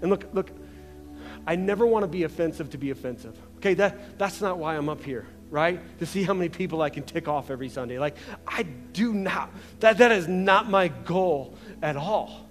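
A young male pastor with a slightly high voice preaches at a moderate pace in a large church. His sermon is casual and conversational, full of restarts and asides, and the reverberant hall carries faint music.

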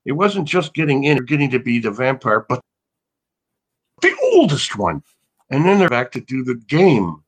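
A man's voice: medium pitch, animated, a little fast, few pauses. Rambling older man telling stories. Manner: rambling, restarts often, laughs. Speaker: actor guest. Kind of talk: casual interview chat.

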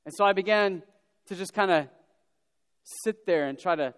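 A man giving a casual, animated storytelling talk to young people, with lots of fillers and repeated words. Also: high voice, moderate pace, smooth. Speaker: youth speaker. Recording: long hall reverb.

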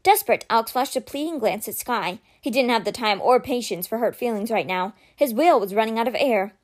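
A woman reading a children's fantasy novel aloud with expressive, dramatic storytelling. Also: a little high, brisk.

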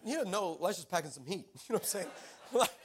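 Brief: high-pitched male pastor, animated storytelling sermon. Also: quick pace, slight background noise. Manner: animated storyteller, laughing, acting out quotes.

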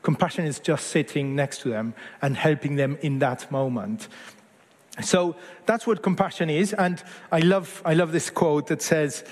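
A man's voice: on the high side, measured pace, long reverb tail. A man in his forties from Argentina, preaching a sermon in an earnest, conversational way that often corrects itself mid-phrase. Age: 40s.

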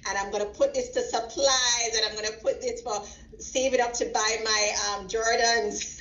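Woman, proud parent guest, tells animated stories and acts out the quotes, recorded in a roomy space with dull audio. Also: on the high side, normal speed. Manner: animated storyteller acting out quotes. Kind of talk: casual interview. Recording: roomy, slightly dull sound.

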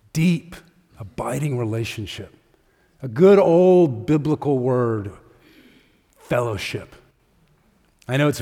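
A man delivers a sermon as the church's pastor, talking in an earnest, conversational way with pauses and the odd filler. His voice sits in the middle of the male range. The sound carries a long reverb from a large church sanctuary. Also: medium pitch.

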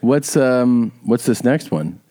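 A male podcast host chatting casually, curious and relaxed, sometimes swearing. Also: medium pitch, slow. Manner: laid-back, curious, swears.

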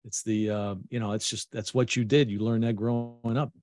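A man's voice: medium pitch, little pitch movement, normal speed, darkish tone, no room sound. A male podcast host in a casual interview chat, laughing easily and restarting his sentences.

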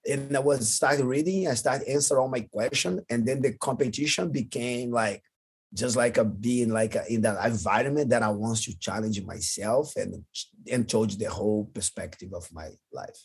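Man, husky breathy voice, halting english, podcast guest storytelling. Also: mid-range voice. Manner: halting, non-native phrasing, frequent restarts. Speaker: guest, jiu-jitsu champion.

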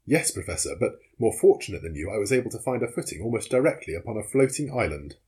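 Man reading as a blunt sturdy harpooner, husky low voice, matter-of-fact, storybook. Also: sing-song, fast, mellow, full character voice. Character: bold male harpooner, steady and blunt.

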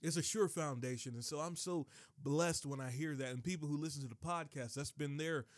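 Male podcast preacher, fairly high voice, animated and digressive, dry close recording. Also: fairly quick, no room sound. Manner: animated, rises to high excited shouts, digresses, laughs. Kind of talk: sermon.

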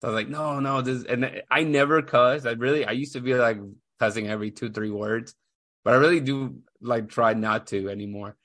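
A man in his thirties hosts a casual podcast and tells a story in a loose, rambling way, full of fillers and false starts. His voice sits at an ordinary middle pitch. The mic is close, and the sound is dry. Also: a little fast, fairly bright tone, dry recording. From Houston area, USA. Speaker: podcast host. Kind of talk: casual chat.

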